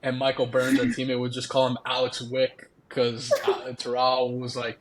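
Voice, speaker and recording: A man's voice: mid-range voice, measured pace, a crowd in the background, poor audio. A young man in his twenties telling a funny story in casual podcast chat, laughing often as he goes. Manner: laughing, animated anecdote telling. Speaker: podcast guest.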